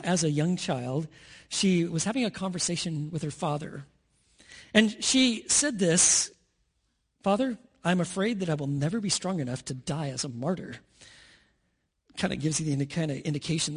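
A man preaching a sermon, earnest, with dramatic pauses and rising emphasis. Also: a little high, slightly rough. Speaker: pastor.

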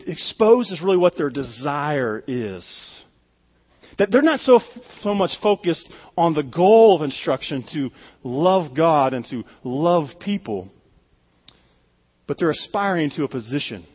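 A man's voice: fairly high pitch, big pitch swings, unhurried, husky, lo-fi sound. Man preaching in an echoey hall. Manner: conversational, emphatic preaching with repeated words. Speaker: pastor. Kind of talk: sermon.

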